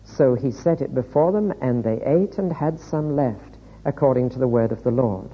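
A man preaching a sermon, reading scripture aloud in a measured, deliberate way. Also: mid-range voice, animated, husky. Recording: echoey hall, dull lo-fi sound.

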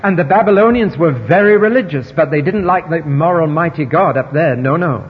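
Husky-voiced guy preaching, punchy and wry, muffled old recording in a big echoey hall. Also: on the high side, brisk. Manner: emphatic, wry, swings between loud and quiet. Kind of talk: sermon.

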